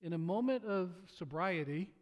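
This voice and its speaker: A man's voice: high voice, expressive, moderate pace. A married man preaching a sermon as pastor, telling a parable in a casual, storytelling way with stammered restarts and acted-out quotes. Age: adult, married.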